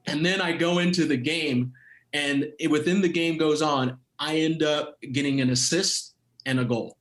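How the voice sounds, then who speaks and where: A middle-aged man, a former pro footballer, telling a story as a podcast guest, animated and laughing often. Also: a little high, normal speed. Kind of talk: casual storytelling. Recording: roomy echoey sound.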